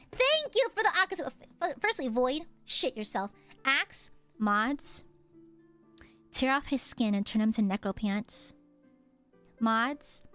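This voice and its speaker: Young woman streamer from the US, bright and sharp, animated, teasing, yells at chat. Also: high-pitched. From United States. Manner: playful, bursts into shrieking outbursts at chat. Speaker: VTuber streamer. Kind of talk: casual livestream chat, reading donations.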